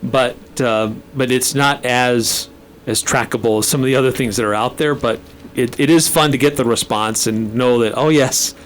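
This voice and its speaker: A man's voice: mid-range voice, steady tone, normal speed, a little hiss or hum. Chatty man guesting on a radio show. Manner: chatty, self-deprecating, laughs often. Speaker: radio station manager guest. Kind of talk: casual radio interview. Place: radio studio.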